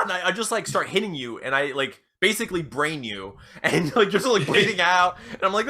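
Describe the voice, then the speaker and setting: A young man co-hosting a podcast, rambling through a comedic pitch and acting out quoted lines with sudden jumps in pitch. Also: sing-song, quick pace, hardly any pauses, bright, forceful tone. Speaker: podcast co-host.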